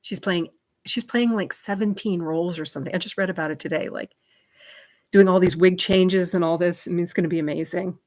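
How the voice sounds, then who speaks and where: Chatty woman with a lowish voice. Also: fairly even intonation, brisk, a little mellow. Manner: chatty and rambling, many fillers and asides. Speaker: livestream host. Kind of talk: casual chat, answering viewer comments.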